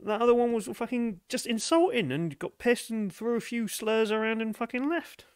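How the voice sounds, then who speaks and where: A man's voice: extremely high pitch, moderate pace, clear, resonant tone, no room sound, pitched above the performer's own voice. A man voicing a surly, foul-mouthed bar dancer who swears constantly in a tabletop game. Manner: swears constantly, grumbling and cagey.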